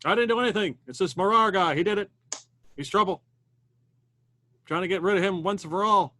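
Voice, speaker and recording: A man's voice: high-pitched, a little fast, sharp tone. A man playing a tabletop role-playing game, speaking in terse, clipped lines as his character. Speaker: player.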